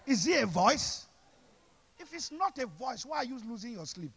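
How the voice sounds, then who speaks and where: A man preaching a sermon at a church service, shouting call-and-response lines and repeating phrases over and over. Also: extremely high pitch, very animated, moderate pace, gravelly.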